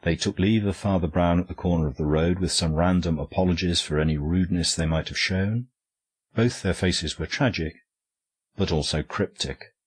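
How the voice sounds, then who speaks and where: A man reads an audiobook in a steady, even storytelling manner. His voice sits deep and low, with a husky grain to it throughout. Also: normal speed. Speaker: audiobook narrator. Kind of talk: scripted audiobook narration.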